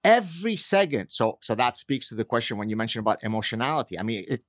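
A man's voice: on the low side, steady tone, racing, fairly bright tone, dry recording, studio quality. Wry middle-aged man guesting on a podcast. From Canada. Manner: discursive, frequent restarts, wry humor. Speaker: guest author. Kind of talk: conversational interview.

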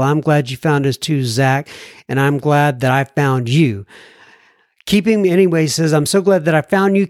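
A man's voice: a little high, dry recording, clean studio sound. A man hosting a recovery podcast, reading listener mail with folksy asides, little jokes and frequent ums and self-corrections. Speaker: podcast host.

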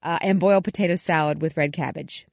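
A woman's voice: low voice, steady tone, fast, creaky, no echo, clean studio sound. A woman co-hosting a casual wine-tasting podcast, chatty and enthusiastic, acting out little quoted exchanges as she talks. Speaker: podcast co-host.

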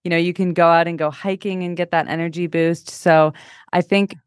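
A woman's voice: lowish voice, fairly even intonation, brisk, clear, resonant tone, no room sound, studio quality. A woman speaking as a guest coach in a casual interview, upbeat and encouraging, laughing often.

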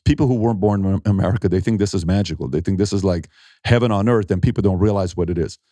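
A middle-aged man, an entrepreneur, telling animated stories in a conversational interview and acting out what people said. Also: low voice, fast, no echo, clean studio sound. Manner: animated storyteller acting out quotes, emphatic.

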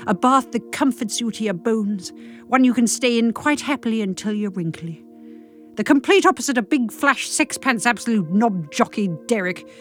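A woman reading a comic monologue with dry, deadpan delivery. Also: on the high side, moderate pace, faint music behind. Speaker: comic storyteller.

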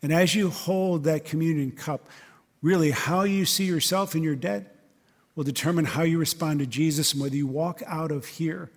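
A man's voice: fairly high pitch, moderate pace, big-room sound. A man preaching a sermon in a church service. He preaches in an emphatic, conversational way and keeps asking rhetorical questions. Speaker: pastor.

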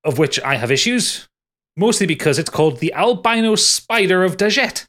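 A man's voice: sits high, lively intonation, normal speed, a bit bright. A man, co-hosting a casual podcast, recapping a bad film in a sweary, exasperated way with many restarts. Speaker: podcast co-host reviewing a film. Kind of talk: casual chat.

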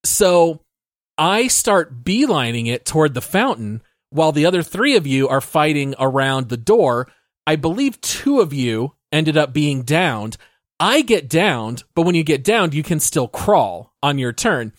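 A man's voice: fairly high pitch, sing-song, a little slow, no room sound. A man with a somewhat raised voice tells a detailed story from a game session. He co-hosts a casual gaming podcast, and his voice is recorded dry and close to the mic. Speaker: podcast co-host.

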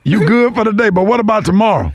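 A man's voice: high-pitched, animated, fast talker, no echo. A man hosting a morning radio show, teasing and questioning a caller in comedic banter.

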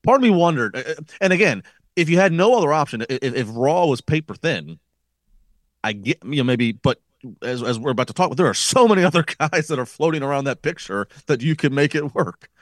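A man's voice: on the high side, lively intonation, a little fast, dry recording, clean studio sound. A man co-hosting a wrestling podcast, thinking aloud in casual chat with frequent restarts. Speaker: podcast co-host.

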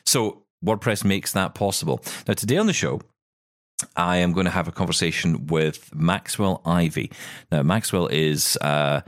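A man's voice: sits low, normal speed, no echo, studio quality. A man co-hosting an accessible technology podcast in an upbeat, chatty, jokey way. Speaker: podcast co-host. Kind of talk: casual tech chat. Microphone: studio mic.

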